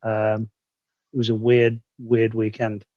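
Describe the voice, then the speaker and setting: A British man in a casual live chat, telling a rambling story with halting restarts. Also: lowish voice, completely flat delivery, a little mellow, dry recording, highs cut off. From Britain.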